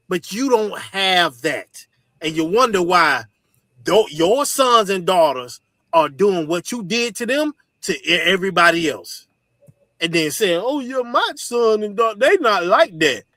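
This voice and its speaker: High, bright-voiced preaching man. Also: no room sound, clean studio sound. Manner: forceful, repetitive, profane. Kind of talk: street sermon teaching.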